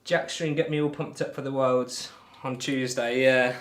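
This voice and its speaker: In a steady, mid-range voice and at a slightly slow pace, a man chats on a live stream from a room at home while throwing darts. Between throws he reads out viewer comments and banters in a friendly, rambling way.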